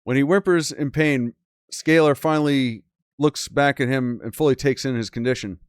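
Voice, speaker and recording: A man's voice: mid-range voice, normal speed, clear, resonant tone, dry recording, clean studio sound. A man hosting a gaming channel, reading a game's story aloud with casual, crude commentary and disbelieving asides.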